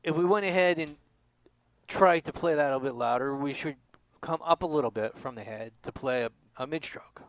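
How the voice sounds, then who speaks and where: A man giving a drum lesson, explaining stroke types and counting beats out loud. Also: a little high, moderate pace, a little hiss or hum, poor audio. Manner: explanatory, counts aloud with accents. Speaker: drum instructor. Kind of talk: demonstration lesson.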